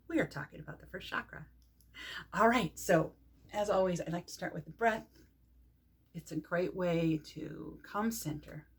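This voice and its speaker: Middle-aged woman, husky and breathy, calm meditation guide who takes her time. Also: on the low side. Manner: calm, unhurried, speaks with pauses and soft fillers. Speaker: meditation teacher.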